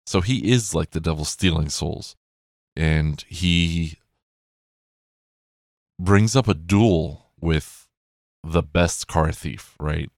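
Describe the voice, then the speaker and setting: A man's voice: low voice, slow pace, gravelly, pauses often, no room sound, clean studio sound. A man chatting casually and rambling, with plenty of swearing and self-corrections.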